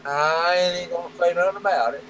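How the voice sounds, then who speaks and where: A folksy man with a strong Alabama drawl trades banter as co-commentator on a sim race. His voice is a bit high for a man. Faint noise sits under him. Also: brisk, a bit bright, poor audio. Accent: Deep Southern US, Alabama. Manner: folksy, drawling, laughs easily. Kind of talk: casual race broadcast commentary.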